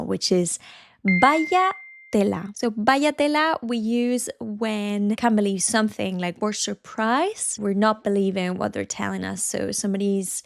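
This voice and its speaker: A woman from Madrid with a Spanish accent gives a relaxed, chatty video lesson. She explains each point with examples in a middle-pitched voice. The recording is close and dry, with no room sound. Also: vocal fry, no room sound. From Madrid, Spain. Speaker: Spanish teacher.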